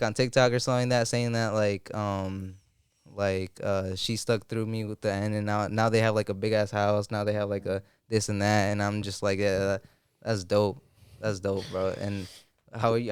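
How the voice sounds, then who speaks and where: A man's voice: on the low side, smooth, no echo, clean studio sound. A young man hosting a casual chat, rambling with lots of likes and slang. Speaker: podcast host.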